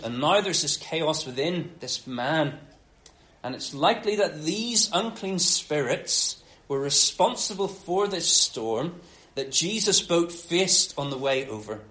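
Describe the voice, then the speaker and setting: A man preaching a sermon, telling the story with animated acted-out quotes. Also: fairly high pitch. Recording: roomy echo.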